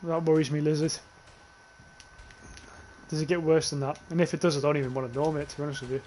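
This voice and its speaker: A man's voice: a little high, fairly even intonation, fast, darkish tone, slight background noise. A young man streaming a shooter game, rambling and swearing as he reads chat aloud and laughs at it. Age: young adult. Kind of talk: casual livestream commentary while playing.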